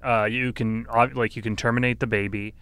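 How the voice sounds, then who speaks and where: A man's voice: medium pitch, level tone, brisk, fairly bright tone, clear, resonant tone, no echo. A man co-hosting a casual movie podcast, laughing often as he talks. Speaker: podcast co-host.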